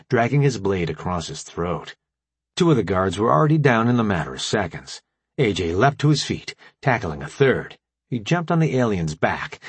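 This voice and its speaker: A man narrating an action audiobook in a steady, dramatic storytelling manner. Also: fairly low pitch, husky, no echo.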